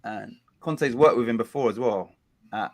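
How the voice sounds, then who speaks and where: A man in the middle of his pitch range hosts a casual football watch-along stream. He talks in a loose, rambling way, with frequent self-corrections, and keeps the chat going with his viewers. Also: normal speed. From England.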